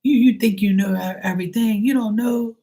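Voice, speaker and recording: A man's voice: sits high, a little fast, dark tone, pitched above the performer's own voice. A man voicing his 80-year-old father as an exasperated, disbelieving parent who berates his son. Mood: berating.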